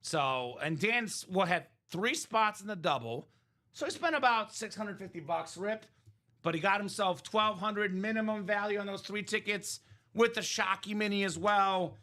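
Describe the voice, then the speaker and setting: A man's voice: high-pitched, moderate pace, pushed and bright. A man hosting a live sports memorabilia break, chatting energetically and rambling through values and asides. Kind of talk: live-stream sales chat.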